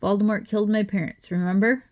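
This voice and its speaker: A woman reading as a determined young schoolboy who speaks urgently and forcefully. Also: medium pitch, steady tone, fast, lightly acted. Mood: defiant.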